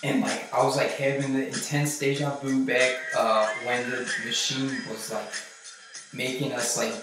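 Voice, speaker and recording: A man recounting a personal experience in a halting, rambling way, full of fillers and swearing. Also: mid-range voice, level tone. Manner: halting, filler-heavy, profane. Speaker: vlogger recounting a trip. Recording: very echoey, distant mic, music behind.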